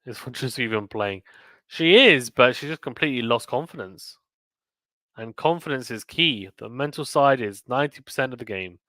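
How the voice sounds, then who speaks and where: Pushed and bright, his mid-range voice moves fairly quickly with no room sound. He's a young man commentating tennis live on stream, casually calling points and reading the chat aloud.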